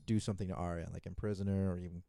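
A man with a low, mellow and smooth voice, chatting casually as a podcast co-host. He rambles, restarts his sentences and slips into quick impressions of characters. The sound is dry and close. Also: fairly even intonation, no echo. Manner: rambling, restarts often, acts out characters' lines. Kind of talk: casual chat recapping a TV season.

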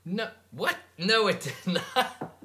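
A woman in family chat with a husky voice, lively and leading the questions. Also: medium pitch, takes it slowly. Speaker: family member, question asker.

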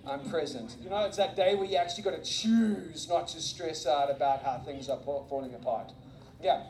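A man with a notably high voice delivers an energetic sermon, mixing stories with jokes at his own expense. His words ring around a roomy, echoing church hall. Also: normal speed. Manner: animated, self-mocking, laughs often. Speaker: guest preacher and missionary. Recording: echoey room.

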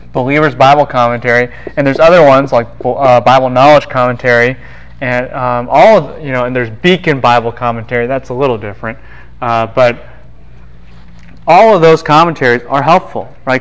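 A man giving a university classroom lecture in a relaxed, joking way, often acting out what other people would say. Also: medium pitch, moderate pace, smooth, rough recording. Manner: casual, quips and acts out voices of students and scholars.

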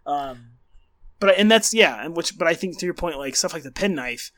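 A man with a bright, somewhat high voice co-hosts a relaxed book chat. He talks eagerly, circling his point and restarting sentences as he thinks aloud. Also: normal speed. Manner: enthusiastic, searching for words with many restarts. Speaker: podcast co-host. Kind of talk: casual book discussion.

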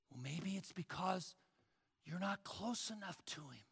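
A male pastor with a high, bright, expressive voice and a gravelly edge preaches a sermon slowly. He swings between forceful calls and hushed near-whispers, and a long hall reverb surrounds his voice.

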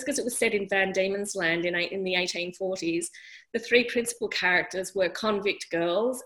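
A woman who produces audiobooks, explaining her studio's work in a panel discussion and pausing often on "um". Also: on the low side, pushed and bright, rough recording. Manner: friendly, explanatory, many ums.

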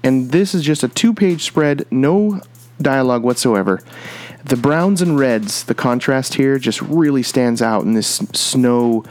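A man's voice: medium pitch, lively intonation, measured pace, a little mellow. A man hosting a comic book podcast, talking through his picks in an enthusiastic, rambling way with lots of restarts. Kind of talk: casual comic review monologue.

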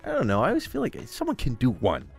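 A man's voice: mid-range voice, fast, vocal fry, husky, faint music behind. A young man co-hosting a podcast in casual chat, telling stories with lots of laughter and swearing. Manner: laughing, animated storytelling with swearing. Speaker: podcast co-host.

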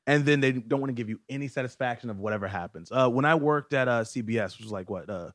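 A man's voice: medium pitch, fast talker, fairly bright tone, no echo, studio quality. A man talking as a podcast guest in casual chat, easygoing and chuckling, rambling with fillers as he tells stories.

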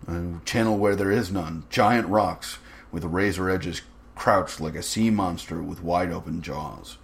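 Man voicing suave cruel general, low voice, smooth mocking menace. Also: a little slow. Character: suave cruel aristocratic old general, hunter.

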